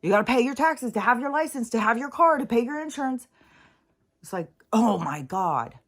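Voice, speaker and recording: A woman's voice: on the high side, lively intonation, normal speed. Exasperated, heavily swearing woman ranting. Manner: exasperated, swearing often, mocking others' voices. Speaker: vlogger. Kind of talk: profane ranting monologue.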